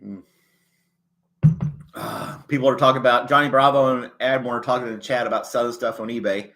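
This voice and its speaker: A man hosting a casual livestream chat, rambling in a folksy way and chuckling often, a little choked up and clearing his throat. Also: medium pitch, fairly even intonation, fairly quick, pushed and bright. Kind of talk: casual chat reading a live chat.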